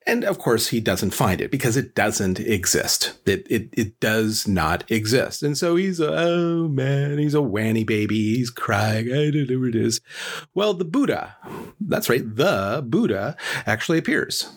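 A man's voice: medium pitch, animated, a little slow, slightly rough. Chatty man telling a folk tale. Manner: chatty, joking, lots of fillers. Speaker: storyteller. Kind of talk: casual storytelling.

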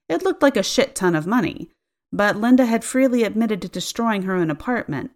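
A woman narrating a first-person story in an expressive, audiobook storytelling style. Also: mid-range voice. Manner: expressive storytelling, acting out dialogue.

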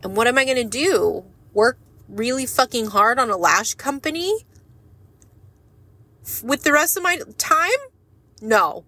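A woman's voice: fairly high pitch, animated, a little slow, long pauses, pushed and bright, no echo. Woman vlogger, candid monologue; frank, earnest, rambling, casual swearing. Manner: emotional and earnest. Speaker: lash business owner and vlogger.

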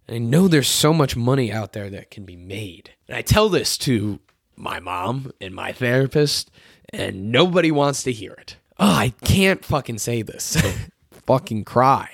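Hoarse young man in a profane rant. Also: mid-range voice, dry recording, clean studio sound. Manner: profane, frustrated ranting, mocking others in put-on voices. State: sick and tired, hoarse. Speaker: solo podcast host. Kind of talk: ranting solo podcast monologue. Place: his bedroom.

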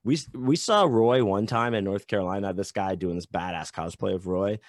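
A man talking as a guest author in a casual podcast chat, loose and animated, swearing and saying "like" a lot. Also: fairly low pitch, brisk, no room sound, clean studio sound.

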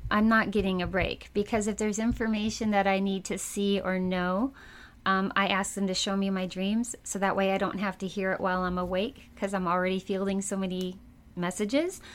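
A woman speaking as a psychic medium in a casual interview, telling her stories in a chatty, animated way and laughing often. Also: mid-range voice, normal speed.

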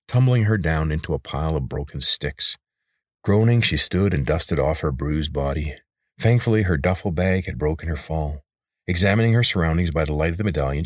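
A man narrating a fantasy audiobook in a steady, measured storytelling manner. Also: low-pitched, dry recording, studio quality.

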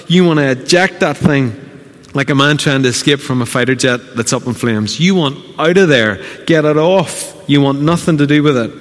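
A male pastor from Northern Ireland preaches with earnest urgency and keeps turning to the congregation with direct questions. His voice sits fairly high and rings out in a reverberant church hall. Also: normal speed. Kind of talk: sermon.

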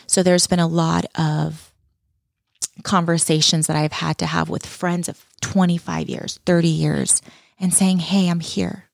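Husky-edged earnest middle-aged woman. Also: sits low, flat delivery, unhurried, dry recording, studio quality. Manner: earnest, heartfelt, repeats words for emphasis. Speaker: guest. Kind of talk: reflective personal interview talk.

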